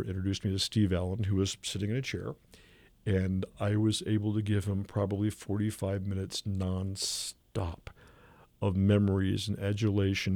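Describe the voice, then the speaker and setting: A man telling a lively anecdote as a radio guest, acting out the people he quotes. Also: fairly low pitch, vocal fry, dry recording. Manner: animated anecdote teller who acts out the people he quotes. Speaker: guest artist and illustrator. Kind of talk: radio interview storytelling. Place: radio studio.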